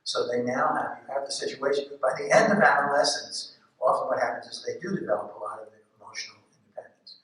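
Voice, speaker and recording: A man's voice: mid-range voice, fast, a bit bright, distant mic. Man lecturing in an echoey hall, heard from afar. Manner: conversational, wry, acts out everyday scenes. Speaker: psychologist speaking to parents. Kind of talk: public lecture with illustrative storytelling. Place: school auditorium with audience.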